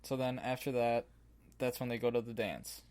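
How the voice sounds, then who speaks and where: A man co-hosting a casual movie podcast, retelling scenes in a laid-back way with fillers and quick self-corrections. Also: medium pitch, steady tone, a little mellow, no room sound. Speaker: podcast co-host. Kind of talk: casual movie review chat.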